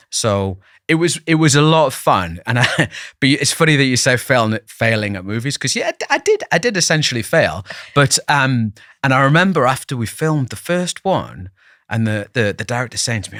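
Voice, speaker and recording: A man's voice: fairly low pitch, a bit bright, dry recording, clean studio sound. A man, a podcast guest telling stories in a chatty, self-deprecating way with many restarts. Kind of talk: casual interview storytelling.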